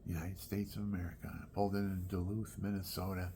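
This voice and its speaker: A man telling rambling personal stories at home, often dropping into soft whispered asides. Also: deep voice, little pitch movement, brisk, slight background noise.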